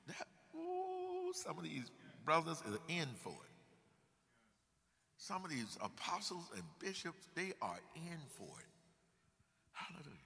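A man preaching a dramatic sermon in a church, swinging between loud and hushed and punctuating his points with hallelujahs. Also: a little high, in a large hall.

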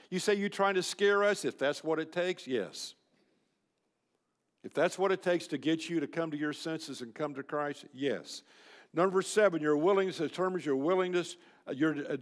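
Older man preaching bluntly in a hall. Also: fairly high pitch. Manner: folksy, blunt, emphatic preaching. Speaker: speaker at a men's luncheon. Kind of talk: sermon. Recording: reverberant hall.

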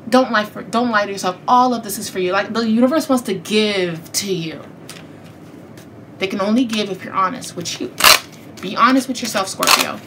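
A woman giving a casual tarot reading, chatty and animated, speaking straight to her viewers and laughing often. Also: mid-range voice, normal speed, noisy background. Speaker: tarot reader.

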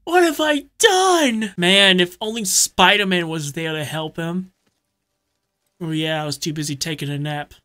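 A man talks through his gameplay with jokes and excitable running commentary. His voice is very bright and sharp, and he often bursts into shouts. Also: high voice, measured pace. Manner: jokey, excitable, shouts reactions. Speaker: let's play host.

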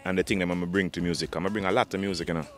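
A man with a Jamaican accent, a dancehall artist talking in an interview, fast and repetitive, often restarting his sentences. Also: deep voice, fairly even intonation, fairly bright tone, faint music behind. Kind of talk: interview, casual talk.

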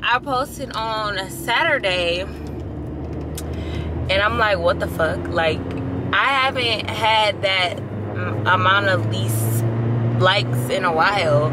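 Candid, profane woman vlogger talking slowly. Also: mid-range voice, background noise. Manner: candid and profane, drawling and loose. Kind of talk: casual vlog chat.

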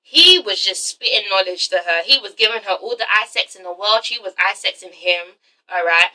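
A woman's voice: mid-range voice, lively intonation, normal speed, bright, forceful tone, distant mic, rough recording. A woman doing a casual vlog recap of a TV episode, sassy and swearing freely as she talks straight to her viewers. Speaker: TV episode reviewer.

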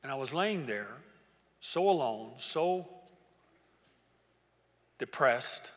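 An older man preaching a sermon as pastor, telling a personal story and swinging from hushed to loud. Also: medium pitch, animated, slow. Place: large church auditorium. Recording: reverberant church hall with congregation.

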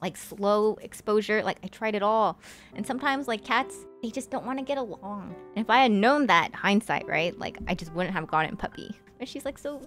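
A woman's voice: medium pitch, a bit bright. A young woman streamer chatting casually with her viewers and telling a sad personal story, with lots of "like" fillers. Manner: chatty, many fillers like "like", emotional.

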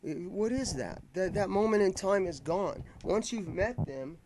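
A man with a slightly high voice tells a story straight to his camera, profane and rambling. He restarts his sentences often and keeps talking in a casual, unscripted flow. A faint hiss sits under the recording. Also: expressive, moderate pace, darkish tone. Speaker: vlogger telling a fan story.

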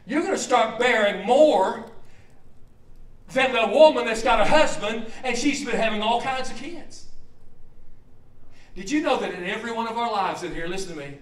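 A man preaching a sermon in a church, moving from low steady talk to loud joyful shouts. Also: normal speed, pauses often, reverberant, far from the mic. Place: church hall.

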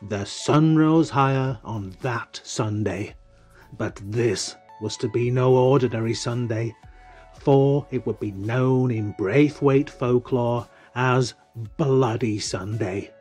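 A man reading an audiobook in the first person, slow and wistful. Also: mid-range voice, a little mellow, husky, faint music behind. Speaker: audiobook narrator. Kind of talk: first-person storybook narration.

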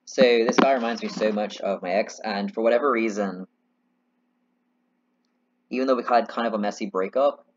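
Chatty man rambling over a game. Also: lowish voice. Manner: chatty, rambling, self-mocking. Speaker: let's play host. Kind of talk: casual game commentary. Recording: slightly muffled, faint hiss.

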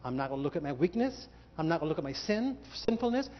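A man's voice: fairly high pitch, fast. Older male preacher in a reverberant hall. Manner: animated, acts out dialogues with God. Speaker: guest preacher. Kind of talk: sermon. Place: church hall. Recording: dull lo-fi sound with long hall reverb.

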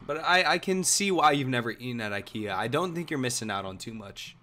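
A young man streaming, chatting casually and joking while he plays, his voice hoarse. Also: medium pitch, brisk. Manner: lively, chatty, jokey. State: hoarse, coughing. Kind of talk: casual chat while gaming.

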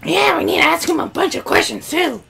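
An earnest young boy in armor, as a woman plays him, high and gravelly with a heavy creak. He reads game dialogue in a light fan-dub manner, joking between lines. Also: lively intonation, fairly quick, pushed and bright, full character voice.

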